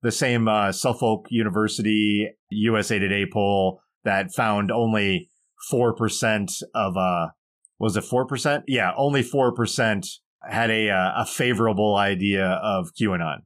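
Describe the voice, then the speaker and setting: A man's voice: on the low side, steady tone, unhurried, fairly bright tone. A man co-hosting a podcast, reading poll results aloud with dry, wry asides in casual chat. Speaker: podcast co-host.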